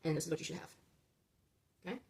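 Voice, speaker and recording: A woman's voice: quick pace, darkish tone, slight background noise. A woman hosting a casual build-along, talking viewers through each step, often checking in with "okay?" and stumbling over numbers and correcting herself. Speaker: LEGO build-along host.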